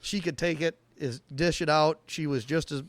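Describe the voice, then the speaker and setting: Higher-pitched man telling shop stories. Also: steady tone, normal speed, dry recording. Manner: rambling anecdotes with acted-out quotes. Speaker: podcast co-host, auto technician. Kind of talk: casual storytelling chat.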